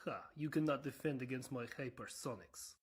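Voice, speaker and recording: A man's voice: medium pitch, moderate pace, breathy edge, pitched below the performer's own voice. Man doing proud Russia, broken English. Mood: boastful. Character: boastful male Russia personification, broken English.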